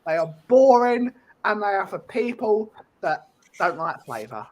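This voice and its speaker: A man's voice: high-pitched, very animated, unhurried, rough recording. A man, co-hosting a casual podcast chat, ranting with swearing and comic exaggeration. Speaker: podcast co-host.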